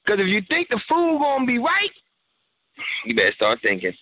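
High-voiced joking man on a phone line. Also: huge pitch swings, normal speed. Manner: joking, rambling, laughs often. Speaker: radio show co-host. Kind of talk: casual call-in radio banter. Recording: tinny phone line, faint noise.

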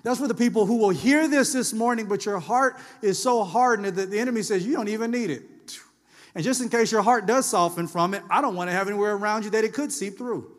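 A man preaching in a chatty, storytelling way, slipping into little voices for the people in his stories. His voice sits high, and a long hall reverb trails every phrase. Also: fast talker. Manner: conversational, animated storytelling with voiced asides. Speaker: pastor. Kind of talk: sermon.

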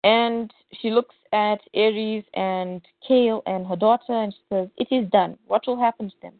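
A woman with a mid-range voice, speaking at a moderate pace, co-hosts a podcast and lively recaps a comic, reading its dialogue aloud with character voices. The dry recording has a tinny, phone-like character.

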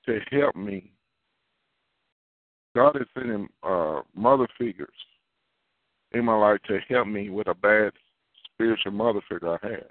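A man's voice: fairly low pitch, no echo. A man preaching an earnest, confessional sermon, repeating his key phrases as he goes. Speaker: prophet preaching. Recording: tinny phone-line sound, dry.

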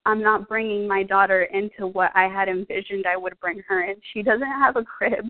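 Over tinny, phone-like audio, a young woman who works as a fitness coach shares a personal testimonial in a mid-range voice with a steady tone and normal speed. She's out of breath, earnest and emotional, with plenty of "like" and "um".

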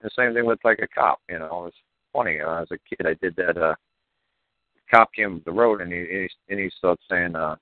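A man's voice: low voice, brisk, dry recording. A man telling rowdy, profane stories as a podcast guest, laughing often. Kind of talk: casual storytelling. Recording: tinny phone-like line, dry.

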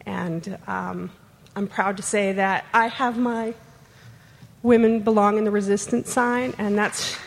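A woman from a convention audience sharing a heartfelt, halting personal story. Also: mid-range voice, fairly even intonation, creaky. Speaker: audience member at a fan panel. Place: convention panel room. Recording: long hall reverb with faint noise.

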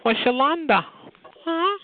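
A man's voice: very high voice, animated, takes it slowly, no echo. A man hosting a radio call-in show, taunting callers in a camp, profane, mocking way and calling them honey and child. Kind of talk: sassy call-in banter. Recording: tinny phone-line radio audio with faint hiss.

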